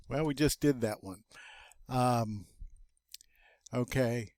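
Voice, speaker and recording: A man's voice: mid-range voice, dry recording. A man teaching a recorded vocabulary lesson in a chatty, self-amused way, spelling out pronunciation for students. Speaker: French teacher.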